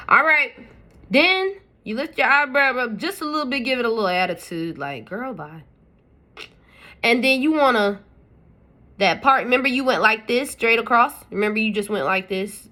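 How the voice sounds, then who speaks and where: A woman's voice: medium pitch, bright, forceful tone. A woman hosting a makeup tutorial, talking to her viewers in a chatty, playful way. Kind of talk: casual step-by-step tutorial talk.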